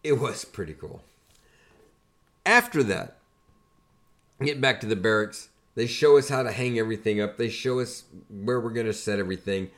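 An older man hosting a podcast, casually telling army stories in an animated, conversational way and building up to punchlines. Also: medium pitch. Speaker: podcast host and army veteran. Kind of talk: casual storytelling.

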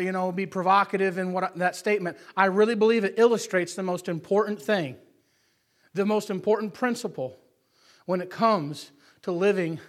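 A male preacher giving an emphatic sermon that swings between loud calls and hushed asides, often asking for an amen. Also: high-pitched.

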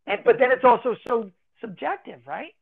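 A man talking casually as an interview guest, explaining in an animated way and acting out children's voices as he goes. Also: very high-pitched, normal speed, vocal fry, slightly rough. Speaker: guest, anti-bullying educator. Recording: tinny phone-like line.

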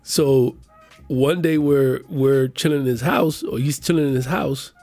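A man's voice: medium pitch, unhurried, dry recording, soft background music. A man in his thirties from the Miami area, telling a profane story in casual chat and acting out the voices of the people in it. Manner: profane, animated storyteller who acts out quotes.

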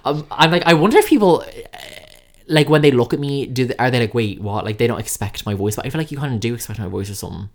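Young man, podcast co-host, rapid casual chatter with lots of "like"s and quick impressions. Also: medium pitch. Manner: fast, animated storytelling with many fillers and voiced impressions. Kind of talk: casual chat.

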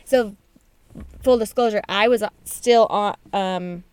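A woman's voice: mid-range voice, slow pace, a little mellow, smooth. A woman in her thirties co-hosting a casual chat, talking frankly and conversationally about her own experiences. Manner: frank, conversational, tells stories in runs of repeated phrases. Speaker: podcast co-host.

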